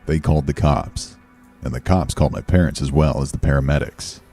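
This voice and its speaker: Very deep gravelly male narrator. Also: a little fast, warm tone, soft background music. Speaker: story narrator. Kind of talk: scripted horror narration.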